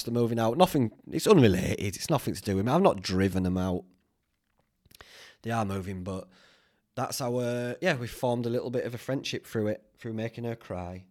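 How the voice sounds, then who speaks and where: This young podcast host has a broad Northern English accent and an ordinary middle pitch. Chatty and swearing freely, he drifts across tangents in loose, rambling storytelling, and the close mic keeps it direct and conversational.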